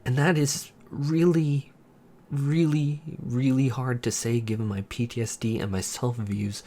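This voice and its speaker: A man, a gaming YouTuber, speaking in a candid personal monologue, earnest and frustrated, halting with repeated restarts. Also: medium pitch, fairly even intonation, warm tone.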